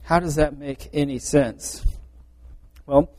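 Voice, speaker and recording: A man's voice: on the high side, fairly even intonation, slow pace, a little mellow. A man preaching a sermon, explaining verse by verse in an earnest way and often restarting his phrases. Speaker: pastor. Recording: reverberant hall.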